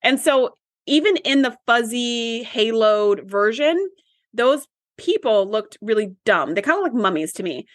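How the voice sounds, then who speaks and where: A woman's voice: a little high, unhurried, dry recording. Chatty woman recapping an episode. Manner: chatty, animated retelling with quoted voices. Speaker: podcast co-host. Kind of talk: casual chat recapping a TV episode.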